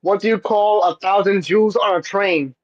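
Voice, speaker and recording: A man's voice: sits high, normal speed. Man joking on a dull-sounding mic. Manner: joking, tells crude jokes. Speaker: guest on a livestream. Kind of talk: casual livestream chat.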